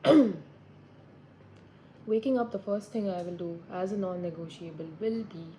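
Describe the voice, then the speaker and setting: A vlogger in her twenties sits indoors by a window, talking to herself in a reflective, rambling, musing monologue. Her mid-range voice moves at a normal speed, with background noise present.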